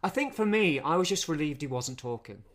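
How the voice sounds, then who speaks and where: A man's voice: a little high, expressive, brisk, fairly bright tone. A man co-hosting a podcast and recapping a film plot in casual chat, with many repeated words and restarts. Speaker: podcast co-host.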